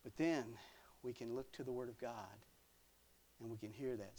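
A man's voice: mid-range voice, normal speed, long pauses. A man preaching a sermon, reading old scripture aloud and adding folksy asides, dropping to a near whisper at times. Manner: dramatic swings from loud to near whisper; folksy asides with small laughs.

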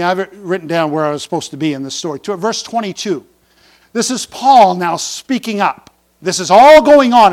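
A man preaching a sermon in a conversational way, asking the congregation questions and paraphrasing scripture, moving between loud emphatic lines and quiet asides. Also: high-pitched. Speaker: pastor.

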